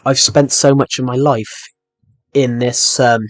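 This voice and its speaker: A man's voice: medium pitch, flat delivery, unhurried, fairly bright tone, no echo, faint music behind. British man, young adult, casual game commentary, rambling, self-mocking, dry room. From Britain. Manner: rambling, self-deprecating, many restarts. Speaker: gaming streamer. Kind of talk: casual gameplay commentary with live chat. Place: room at home.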